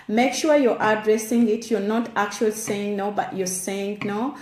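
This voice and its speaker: A woman's voice: medium pitch, fairly even intonation, moderate pace, a little mellow. Woman, parenting advice speaker, direct earnest delivery, roomy echo. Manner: direct and earnest, addresses listener as "you". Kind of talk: instructive advice talk.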